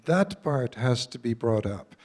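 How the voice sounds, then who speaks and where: A man's voice: mid-range voice, lively intonation, measured pace, a little mellow. A man in his seventies giving a live talk to an audience, earnest and direct, quizzing his listeners. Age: 70s. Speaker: workshop speaker.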